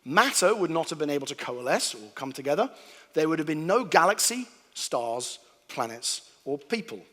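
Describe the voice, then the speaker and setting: Animated man preaching in a hall. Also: fairly high pitch, moderate pace. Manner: animated storyteller, acting out sounds and voices. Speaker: preacher giving a talk. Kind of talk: humorous sermon to a live audience. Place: large hall before an audience.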